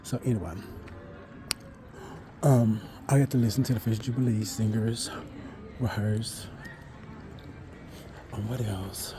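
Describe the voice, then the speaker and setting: A man telling a long, rambling personal story in a chatty way, with asides and self-corrections, sometimes dropping to a hush. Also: lowish voice, fairly even intonation, slow pace, pauses often, over music.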